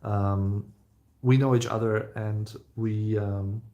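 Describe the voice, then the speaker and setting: A man's voice: lowish voice, fairly even intonation, takes it slowly, dark tone, highs cut off. A young man, chatting casually on a live stream, rambling with lots of fillers and restarts. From Germany. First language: German.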